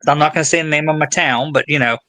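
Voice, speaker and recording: Bright-voiced teasing man from Ohio. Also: fairly high pitch, steady tone, fast. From southeastern Ohio. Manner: rambling, teasing, swears freely. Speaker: podcast co-host. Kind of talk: casual chat.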